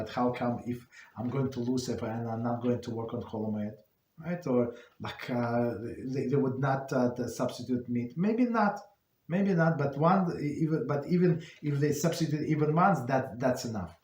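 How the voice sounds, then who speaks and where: A man's voice: medium pitch, a little mellow. A man teaching a Torah class as a rabbi, telling stories and searching for his words with frequent restarts. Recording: roomy echo.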